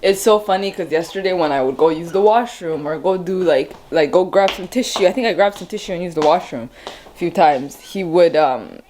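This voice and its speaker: A woman's voice: lowish voice, animated, fairly quick, a little mellow, a little hiss or hum. A tired young mother chatting frankly to camera at home in a rambling vlog. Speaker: vlogger, stay-at-home mom. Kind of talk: casual vlog talk to camera.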